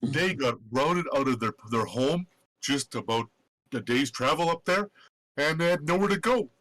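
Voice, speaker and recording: A man's voice: medium pitch, lively intonation, moderate pace, a bit bright, close to an everyday voice, rough recording. A man voicing a friendly, eager camp leader in a live tabletop game. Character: cheerful male goblin-camp leader.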